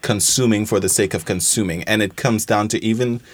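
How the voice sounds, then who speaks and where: A man's voice: fairly low pitch, a little fast, husky, dry recording. A young man from Trinidad, a guest in a roundtable conversation, talking thoughtfully and circling back over his phrases. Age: young adult. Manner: thoughtful, restarts phrases, many "like" fillers. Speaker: alumnus guest.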